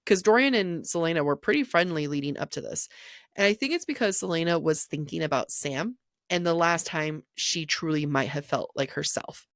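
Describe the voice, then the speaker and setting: A woman's voice: sits low, moderate pace, dry recording, clean studio sound. A woman co-hosting a book podcast, talking through a novel in a thoughtful, conversational way. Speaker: podcast co-host. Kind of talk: casual book discussion.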